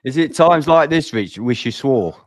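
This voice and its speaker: Brief: male panelist, lively banter, mid pitch with plenty of melody, dry sound. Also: normal speed, no echo. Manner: joking, good-natured banter. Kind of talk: live football fan panel chat.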